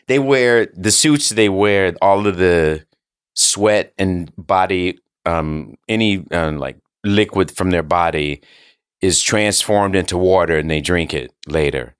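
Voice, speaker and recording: Guy guesting on a podcast, lowish voice, rambly and giggly, dry close sound. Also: slow pace, smooth, no echo. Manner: rambling, laughing, fumbling for words. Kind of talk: casual comedic chat.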